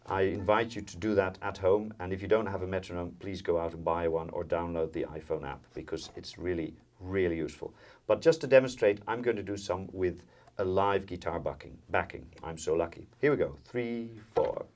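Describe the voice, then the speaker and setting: Speaking a little fast in a low, darkish voice, a Dutch man teaches a jazz violin lesson, breaking it down step by step. He leans on fillers and counts in often, while violin and guitar play behind him.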